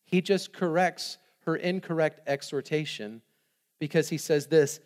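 A man preaching a sermon, reading scripture with lively asides, laughs and rhetorical questions. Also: on the high side, a little slow. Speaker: pastor.

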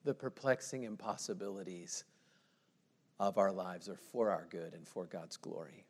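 A man preaching a sermon. He talks in a conversational way, with frequent "like", and swings between hushed prayerful passages and loud, fast bursts. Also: deep voice, big-room sound. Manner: conversational, uses "like" often. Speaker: pastor.

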